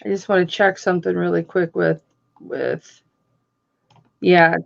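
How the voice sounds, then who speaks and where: A woman with a fairly low, creaky voice speaks unhurriedly through a muffled recording. She's hosting a live online jewelry auction, chatting casually and calling out bidders by name as she counts down the bids.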